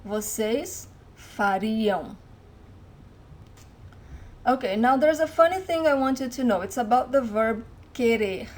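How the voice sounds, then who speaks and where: Woman teaching, slow clear models. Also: high voice. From Brazil. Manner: slows right down to model each word. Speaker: Portuguese teacher. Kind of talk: online language lesson. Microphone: webcam mic.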